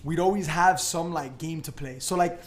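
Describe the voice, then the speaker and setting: A man's voice: a little high, moderate pace. A young man, a podcast co-host, telling a rowdy story in casual chat, swearing often and acting out what others said. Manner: loud, swearing, acts out quotes.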